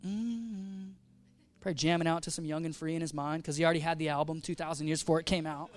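A man's voice: fairly high pitch, flat delivery, racing, clean tone. A man preaching a sermon, telling a story with casual slang and acting out the quoted voices. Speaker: pastor.

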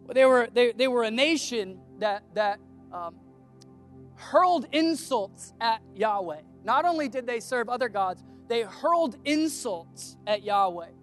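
High-voiced man preaching casually. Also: a little slow, soft background music. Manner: animated storytelling, acting out quoted voices. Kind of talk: casual conversational sermon.

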